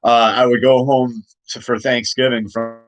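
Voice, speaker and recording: A man's voice: medium pitch, flat delivery, normal speed, soft background music, low-quality recording. A man talking casually about his own comic, rambling with many restarts and laughs. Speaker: comic creator.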